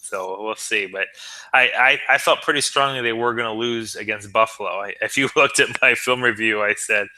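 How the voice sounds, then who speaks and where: Man, sports show co-host, earnest, stammers, bright forceful tone. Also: fairly low pitch, moderate pace, slight background noise, rough recording. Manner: earnest, stammering, builds long arguments. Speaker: podcast co-host. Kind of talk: casual sports talk.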